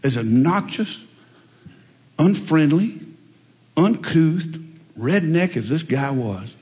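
A man preaching a sermon, telling folksy stories and swinging between loud emphatic lines and quiet asides. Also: medium pitch, a little slow. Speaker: pastor. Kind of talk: sermon with storytelling. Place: church sanctuary. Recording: long reverb in a large hall.

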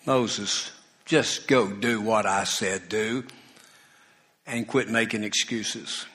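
A man's voice: lowish voice, slow, pushed and bright. A man voicing God as a firm, patient deity giving commands in a sermon retelling.

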